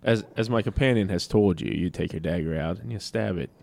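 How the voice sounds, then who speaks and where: Gravelly man playing a wry magic user. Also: low voice, a little fast, darkish tone. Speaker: player. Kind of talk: in-character tabletop play.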